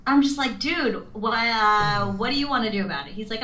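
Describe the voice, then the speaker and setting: A young woman co-hosting a casual dating advice chat, bubbly and quick with asides and laughter. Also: fairly high pitch, bright, forceful tone, slight background noise. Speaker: dating coach co-host. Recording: echoey room.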